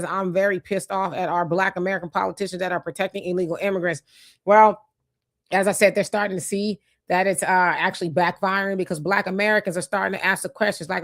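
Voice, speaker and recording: A woman hosting a livestream. She reads viewer comments aloud and answers them in an emphatic, conversational way, often asking rhetorical questions. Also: mid-range voice. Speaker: livestream host.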